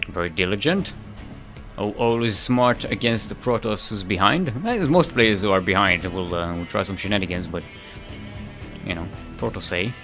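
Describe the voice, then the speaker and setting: Male esports caster, low-set but lively voice, loose self-correcting delivery, soft music underneath. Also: normal speed. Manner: rambling, self-correcting, chuckles often. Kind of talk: live game commentary.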